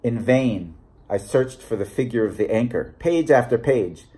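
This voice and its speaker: A man reading a short story aloud in a measured, deliberate narration. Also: medium pitch, lively intonation, mellow. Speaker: audiobook reader. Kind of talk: scripted narration.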